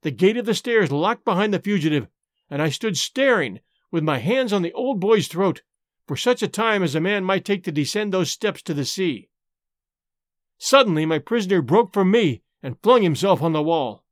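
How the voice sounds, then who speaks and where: A man narrating an adventure story aloud with expressive, dramatic delivery and hosting the show. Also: high voice, moderate pace, no echo, clean studio sound. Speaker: audiobook narrator and host.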